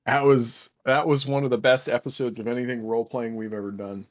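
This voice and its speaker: A man's voice: mid-range voice, little pitch movement, a little fast. A man running a tabletop game, chatting casually with his stream audience and recapping. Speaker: game master.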